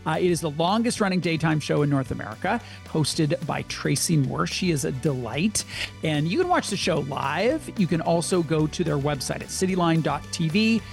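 A man hosting a money show, friendly, with quick asides. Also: on the high side, expressive, creaky, faint music behind. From Canada. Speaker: radio show host.

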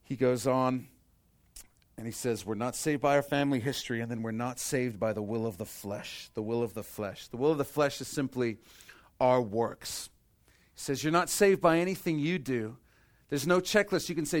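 Male pastor, mid-pitched voice, sermon delivery that drops to a hush and then builds to emphatic bursts. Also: moderate pace. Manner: impassioned, swings from hushed to emphatic; rhetorical questions and repetition.

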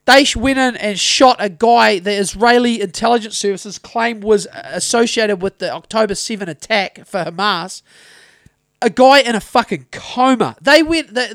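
A man's voice: sits high, fairly bright tone, no room sound, clean studio sound. A man with a New Zealand accent co-hosting a casual podcast, telling stories and ranting with lots of swearing. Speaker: podcast co-host. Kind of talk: casual chat.

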